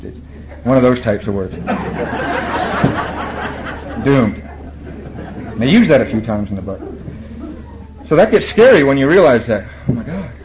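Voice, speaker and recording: A man tells his recovery story to a meeting, wry and self-mocking, acting out the voices of the people in it. His voice sits at an everyday pitch. The recording is dull and lo-fi, with a faint hum of room ambience behind it. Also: a little mellow. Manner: wry, self-mocking, quotes and acts out others.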